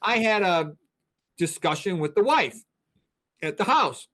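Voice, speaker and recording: A blunt doctor in his sixties lectures with plenty of emphasis. His voice sits a little higher than most men's. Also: animated, unhurried, fairly bright tone. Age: 60s. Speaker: physician, guest. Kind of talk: interview talk.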